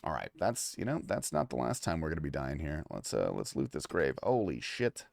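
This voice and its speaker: A man with a very deep, gravelly voice streams a video game, talking a little fast as he reacts to the gameplay and his chat. He's loose and profane, swinging between mumbled asides and excited outbursts.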